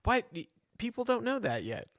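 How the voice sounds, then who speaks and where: A man co-hosting a podcast in casual chat, relaxed and teasing. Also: extremely high pitch, moderate pace, no echo, clean studio sound. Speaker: podcast co-host.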